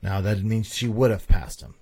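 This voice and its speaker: A man's voice: fairly low pitch, brisk, a little mellow, breathy edge. A man hosting a casual podcast monologue, talking emphatically and repeating points for stress. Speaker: podcast host.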